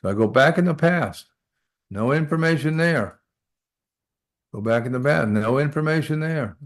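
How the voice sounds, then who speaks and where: A man's voice: a little high, lively intonation, moderate pace. A man teaching a live trading lesson, talking through charts aloud and often checking in with "all right?". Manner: repeats short phrases while working. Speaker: trading instructor.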